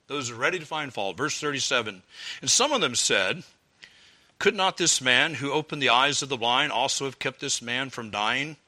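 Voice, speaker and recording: A man preaching a sermon earnestly, rising to fervent appeals and dropping low for quoted prayers. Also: lively intonation, normal speed, bright, forceful tone.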